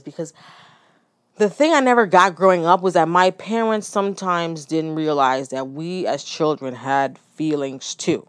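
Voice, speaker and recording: A woman in her thirties talks through a personal story on her podcast, candid and reflective, doubling back with restarts and little asides. Her voice sits low, and the recording is close and dry, with no room sound. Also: fairly even intonation, normal speed, clear, resonant tone, no room sound. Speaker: podcast host.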